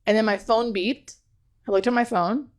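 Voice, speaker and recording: A woman's voice: a little high, steady tone, normal speed. A woman being interviewed, telling an emotional personal story in an earnest, heartfelt way, with many "like" fillers. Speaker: guest.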